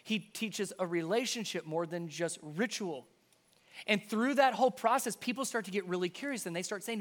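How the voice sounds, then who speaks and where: A man preaching a sermon, emphatic, repeating key phrases and dropping to a hush for stress. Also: sits high, brisk.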